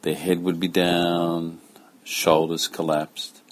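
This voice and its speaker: A man giving a slow, calm spoken lesson as a yoga teacher, talking in a measured, deliberate way with pauses. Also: sits low.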